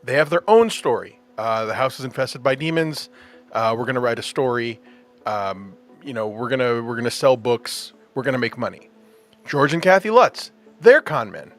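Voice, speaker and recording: Animated man hosting a casual podcast. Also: medium pitch, normal speed, soft background music. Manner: animated, laughs often, enthusiastic. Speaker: podcast host. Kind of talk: casual chat.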